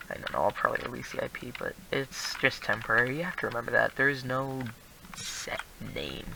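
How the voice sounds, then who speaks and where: A man's voice: mid-range voice, animated, moderate pace, vocal fry, sharp tone, slight background noise, rough recording. A teenage boy casually commenting on his own building game, rambling and laughing at himself now and then. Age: teens. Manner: rambling, self-deprecating, laughs often. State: prone to coughing. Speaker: gaming video host.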